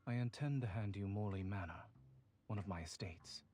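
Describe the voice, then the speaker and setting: A man's voice: on the low side, dark tone, natural voice. An actor with a British accent playing a stiff, formal, wealthy young nobleman in a story game. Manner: formal, measured and aloof.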